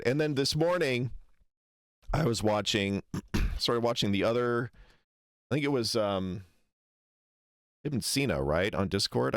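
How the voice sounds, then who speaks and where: A man's voice: mid-range voice, dry recording, clean studio sound. A man hosting a livestream, reacting to a history lecture in a hesitant, wry and skeptical way with many ums. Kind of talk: casual livestream commentary.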